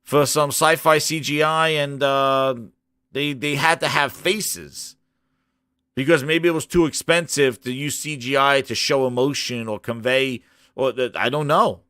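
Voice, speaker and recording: A man hosting a gaming channel, ranting about a show in an animated, mocking way and jumping up into high shouts. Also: unhurried, clean tone, no room sound, clean studio sound.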